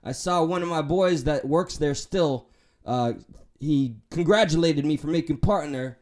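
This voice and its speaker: A man's voice: fairly high pitch, unhurried, a little mellow. A man with a New York accent hosting a livestream, reading chat and talking candidly, swearing and joking as he rambles.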